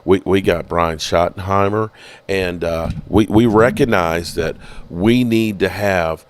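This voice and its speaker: Man mimicking a hesitant team executive. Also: slight background noise. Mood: sheepish. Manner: halting, full of uh fillers; low and subdued. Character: hesitant male football team executive, middle-aged.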